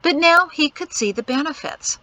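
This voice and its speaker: A woman narrating an audiobook in a measured, expressive storytelling read. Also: sits high, rough recording. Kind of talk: scripted narration.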